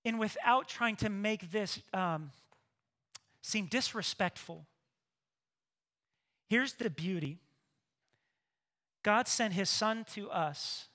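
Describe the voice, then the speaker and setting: Bright, lively male pastor preaching. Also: high-pitched, slow, pauses often. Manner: lively, swings between hushed and loud. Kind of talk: sermon.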